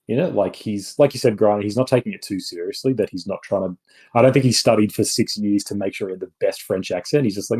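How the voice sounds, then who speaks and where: Casting: low, mellow, husky-voiced man, rambling podcast co-host. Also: fast, rough recording. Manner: rambling, many restarts and asides. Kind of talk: casual film review chat.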